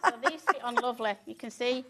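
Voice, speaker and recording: A woman's voice: on the high side, quick pace, a bit bright. A middle-aged Yorkshire woman chats her way through a live TV shopping slot. She talks in a homely, anecdotal way, drifting into little stories between products. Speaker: shopping channel presenter. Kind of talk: live sales chat.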